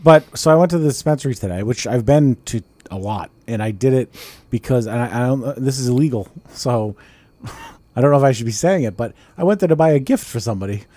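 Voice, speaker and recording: A man's voice: mid-range voice, lively intonation, fairly quick, mellow. A man hosting a casual podcast, talking loosely and profanely with many restarts. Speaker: podcast host. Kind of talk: casual chat.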